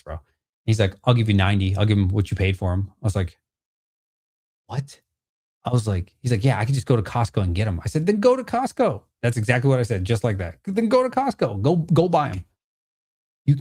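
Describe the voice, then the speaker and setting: A man tells his viewers about a card deal in a loose, animated way, swearing as he goes and playing both people in the haggle. His voice sits low and mellow. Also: breathy edge. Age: adult with a child. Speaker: card vendor and channel host. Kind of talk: casual storytelling to viewers.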